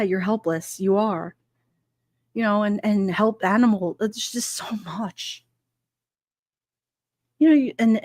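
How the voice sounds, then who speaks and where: A woman's voice: medium pitch, dry recording, studio quality. A middle-aged woman hosting a livestream, chatting casually and rambling with frequent laughs while she reads out chat comments. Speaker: livestream host reading chat.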